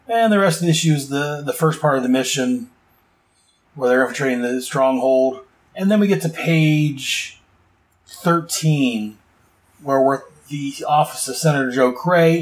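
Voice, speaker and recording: A man's voice: medium pitch, low-quality recording. A man hosting a casual comic book podcast, recapping pages in a rambling way full of asides.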